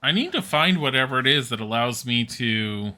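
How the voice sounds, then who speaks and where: Bright-voiced man muttering over a game. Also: medium pitch, lively intonation, moderate pace. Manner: mutters to himself, swears and groans at setbacks. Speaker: game streamer. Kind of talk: casual gameplay commentary.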